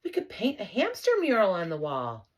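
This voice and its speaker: Calm patient mom in a kids storybook, read by a woman, lively up and down. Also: mid-range voice, moderate pace. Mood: cheerful. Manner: calm, soothing. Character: kindly patient mother, adult woman. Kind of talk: storybook reading.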